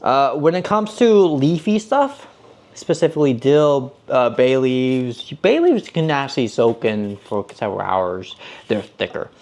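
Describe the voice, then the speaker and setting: A mid-pitched man chatting casually through a home cooking stream. He rambles easily and talks straight to his viewers while he works in his kitchen. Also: very animated, measured pace, a little mellow.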